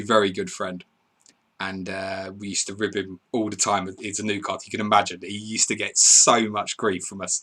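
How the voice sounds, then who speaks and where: A man hosting a live stream, chatting casually, reading out score updates and viewer messages in an excitable way. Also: fairly low pitch. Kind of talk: casual live commentary and chat.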